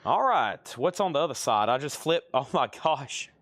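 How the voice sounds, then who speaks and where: A man's voice: medium pitch, sing-song, moderate pace, a bit bright, a little hiss or hum. A man hosting a live record and cassette sale, chatting casually as he names items and prices. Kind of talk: casual live-stream selling.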